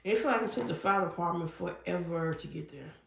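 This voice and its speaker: A woman's voice: on the low side, fast, creaky. A middle-aged woman hosting her crafting channel, rambling chattily with fillers and telling stories eagerly. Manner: gets loud and excited when retelling a scare. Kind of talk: casual chat while crafting. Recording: echoey room with faint noise.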